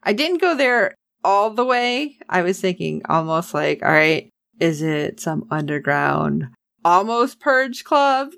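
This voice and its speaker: Animated sarcastic woman recapping a show. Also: fairly low pitch, takes it slowly, vocal fry, no room sound, clean studio sound. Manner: animated, sarcastic, acts out characters' lines. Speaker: podcast co-host. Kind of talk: casual TV recap chat.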